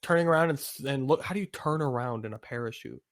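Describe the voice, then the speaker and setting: A man's voice: medium pitch, fast, no room sound, studio quality. A man co-hosting a podcast, narrating a fan fiction aloud in an amused, playful way. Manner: amused, breaks into laughter between lines.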